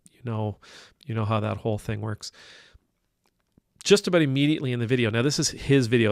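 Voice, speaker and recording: A man, an Anglican priest, talking through a video in casual commentary, pausing to search for words and growing emphatic when he objects. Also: mid-range voice, creaky, no echo, clean studio sound. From Canada.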